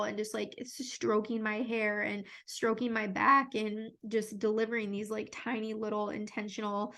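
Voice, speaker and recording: A woman's voice: medium pitch, level tone, normal speed, hardly any pauses, fairly bright tone. A woman hosting a podcast, talking frankly and openly in a casual solo monologue, often filling with "like" and "you know". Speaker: podcast host. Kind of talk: candid solo podcast talk.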